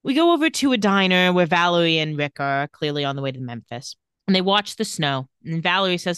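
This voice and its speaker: Lively woman recapping a TV episode. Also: fast talker, clean tone, no room sound, clean studio sound. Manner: reads out quoted dialogue with lively shifts in pitch and pace. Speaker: podcast co-host recapping a TV episode. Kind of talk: casual recap chat.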